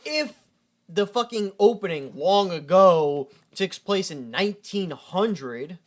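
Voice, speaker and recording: Slow-talking young man, laid-back and laughing. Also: sits high, expressive. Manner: laid-back, laughs often, blunt swearing. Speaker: podcast co-host. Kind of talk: casual movie-recap chat.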